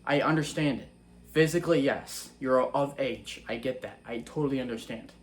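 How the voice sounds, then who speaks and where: A man's voice: mid-range voice, moderate pace. A young man giving an earnest, casual faith-based monologue that is full of rhetorical questions. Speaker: Christian vlogger.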